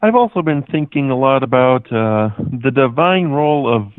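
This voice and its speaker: A man's voice: mid-range voice, animated, moderate pace, dry recording. A man calling in to a show, goofy and meandering, stumbling over made-up words. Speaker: caller. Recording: dry, tinny phone line.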